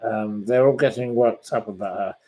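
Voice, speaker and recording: With a mellow, lowish voice at a moderate pace, an English livestream host from Derbyshire works through viewer comments. He answers their questions casually and ramblingly, dropping in dry put-downs.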